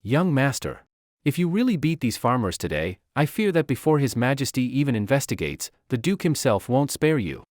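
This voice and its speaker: A man's voice: medium pitch, sing-song, normal speed, darkish tone, no room sound, studio quality, close to an everyday voice. A man voicing a cautious household servant warning his young master. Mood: worried.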